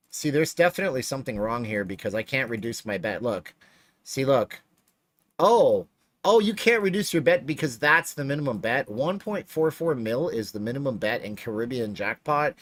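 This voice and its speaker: A man's voice: mid-range voice, normal speed, no room sound. A man hosting a casual livestream from his home streaming room, rambling and joking while he plays slots. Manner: rambling, jokey, animated. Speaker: livestream host.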